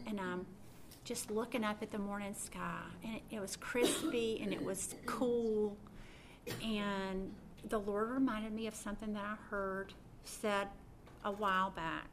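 Middle-aged woman, earnest Bible teacher, mid-pitched voice, faint noise behind. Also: little pitch movement, a little slow. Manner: earnest, personal, prone to restarts.

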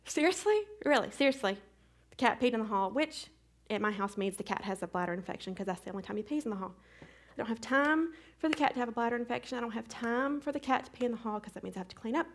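A middle-aged woman teaching a Bible study, retelling a hectic day as an animated testimony with sound effects. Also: a little high, quick pace, few pauses.

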